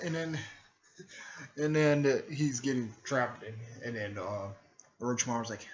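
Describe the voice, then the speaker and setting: A man's voice: mid-range voice, steady tone, normal speed, pauses often, lo-fi sound. A man casually retelling a fan-made story, rambling and stringing it together with lots of fillers and restarts. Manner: rambling, filler-heavy, repeats "mostly" and "there".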